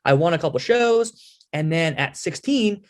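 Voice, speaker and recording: A halftime performer in his twenties from the Philadelphia area appears as a podcast guest, telling his story with lively, animated energy and plenty of fillers in a casual storytelling interview. His voice is on the high side and his pace measured.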